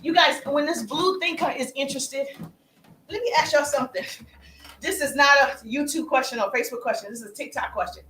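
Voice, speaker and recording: A woman business coach talking on a live stream, energetic and calling out her viewers by name. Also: high voice, fairly quick, reverberant, a little hiss or hum, rough recording.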